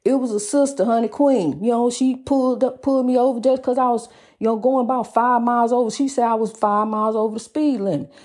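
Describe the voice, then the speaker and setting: A woman's voice: a little high, steady tone, fairly quick, darkish tone. A woman hosting a faith talk program, telling folksy stories and calling the listener honey. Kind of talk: casual preaching talk.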